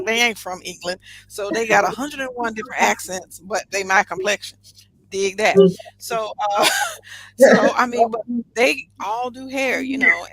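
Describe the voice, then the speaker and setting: A woman guest telling a story on a podcast in a casual, animated, emphatic way, laughing often. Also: medium pitch, low-quality recording.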